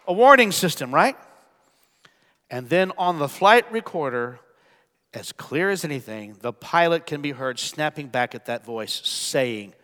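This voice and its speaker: Male pastor, sermon delivery, hushed-to-loud swings; slightly high voice, reverberant hall. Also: animated, measured pace. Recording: long church reverb with soft music.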